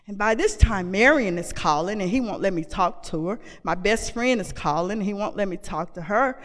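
A woman's voice: medium pitch, lively intonation, normal speed, few pauses. A woman telling her personal story to an audience in a candid, conversational way, often repeating and restarting phrases. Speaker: speaker sharing her recovery story. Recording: long reverb of a large hall.

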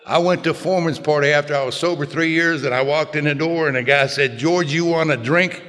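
An older man telling a plainspoken personal recovery story to a group, in a folksy way with quiet low asides. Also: steady tone, fast talker. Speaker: recovery speaker. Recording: long hall reverb.

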